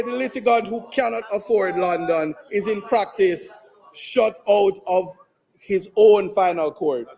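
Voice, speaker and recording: A Jamaican man, an opposition member of parliament, making a forceful, rhetorical speech in the chamber and repeating lines for emphasis. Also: high voice.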